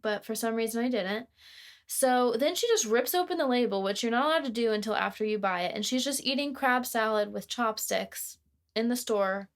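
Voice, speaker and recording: A woman's voice: fairly high pitch, normal speed. A young woman co-hosting a podcast, casually telling a work story in a chatty, exasperated way with bursts of laughter. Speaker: podcast co-host.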